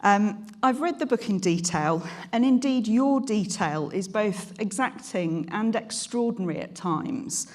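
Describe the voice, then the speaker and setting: A woman's voice: medium pitch, lively intonation, measured pace, few pauses. A woman hosting a conference session, introducing and interviewing a guest speaker in a polite, appreciative manner. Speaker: conference host. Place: conference stage.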